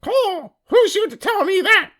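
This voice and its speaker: A woman's voice: extremely high pitch, expressive, measured pace, a bit bright, exaggerated voice. A woman voicing a cheeky talking horse and a cranky crow in a comedy sketch, sassy and teasing.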